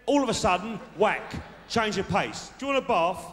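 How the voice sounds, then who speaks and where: A man's voice: sits high, animated, moderate pace. A man playing a boastful South London lad who gives dating tips in a live stand-up character act, full of tag questions. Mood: cocky. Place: large theatre stage with audience. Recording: live hall reverb, faint noise.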